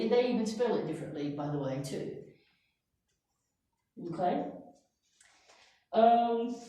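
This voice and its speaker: An American woman teaching an English lesson, slowly and carefully enunciating example words. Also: mid-range voice, dark tone. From United States. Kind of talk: slow, deliberate language lesson. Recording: echoey room, voice from a distance.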